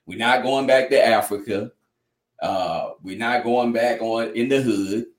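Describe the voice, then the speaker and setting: Here a man speaks at a measured pace in a mid-range voice, sharing heartfelt testimony in an interview. He comes across as earnest and preacher-like, with frequent "you know" fillers, in an echoey room.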